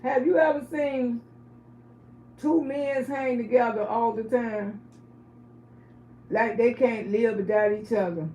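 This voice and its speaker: A woman's voice: fairly high pitch, slow pace, long pauses, warm tone, reverberant. Middle-aged woman, livestream storyteller, blunt and chatty, faint background hiss. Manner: blunt, chatty, asks the audience questions. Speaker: livestream host.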